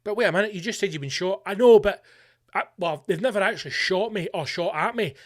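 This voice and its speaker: A Scottish man voicing a flustered man who exaggerates being shot, stammering and backpedaling in a raised voice. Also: quick pace. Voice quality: stammering, higher put-on voice.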